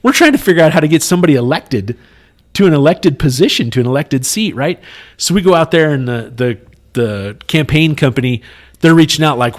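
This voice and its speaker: A podcast co-host with a mid-range voice and a brisk pace tells a long story in casual chat. He's animated, retelling scenes by acting out other people's lines in quotes, with many "you know" fillers.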